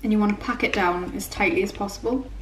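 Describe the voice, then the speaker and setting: A woman's voice: mid-range voice, fairly even intonation, fast talker, roomy sound, noisy background. A young woman walking through recipes in her home kitchen, chatty and self-mocking. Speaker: cooking vlogger. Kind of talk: casual recipe walkthrough.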